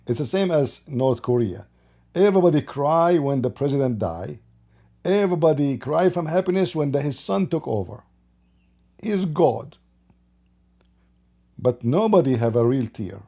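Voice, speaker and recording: A man's voice: mid-range voice, warm tone. A man delivering an opinionated commentary monologue, emphatic and scornful, firing off rhetorical questions in plain, broken grammar. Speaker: online commentator.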